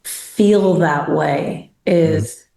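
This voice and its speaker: Woman, interviewer, slow unhurried speech, lowish voice, echoey room, admiring questions. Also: gravelly, mellow. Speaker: interviewer, former student. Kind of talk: casual interview.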